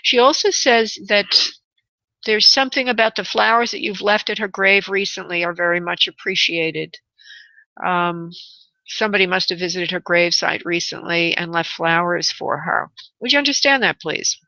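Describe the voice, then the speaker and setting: A woman's voice: on the low side, moderate pace, bright, forceful tone, dry recording, dull audio. A woman hosting a call-in psychic reading, soothing and calling the caller honey and love. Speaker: psychic medium host.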